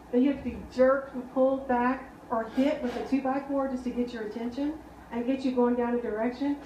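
A woman's voice: sits high, dark tone, slight background noise. A woman preaching a sermon, earnest and conversational, often asking the congregation questions. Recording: echoey hall, mic at a distance.

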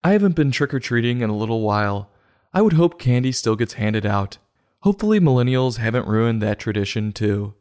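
A man hosts a comic book review show, his voice at a middling pitch. He delivers mock-serious, sarcastic jabs in a deadpan manner. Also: normal speed. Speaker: host.

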